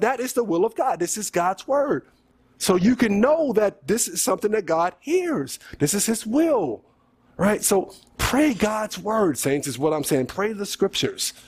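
A man's voice: sits high, husky. A male preacher giving an earnest sermon, then leading a prayer, pleading with listeners and often calling out "saints" and "God".

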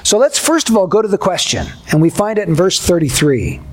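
A male pastor preaching a sermon in a measured, deliberate way, building repeated contrasts. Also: sits high, very animated.

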